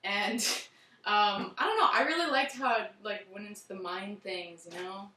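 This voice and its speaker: Casual bright-voiced woman, far off. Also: medium pitch, measured pace, a little hiss or hum. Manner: casual, agreeable, trailing off. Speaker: co-reviewer. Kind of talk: casual review chat. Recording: roomy, distant mic.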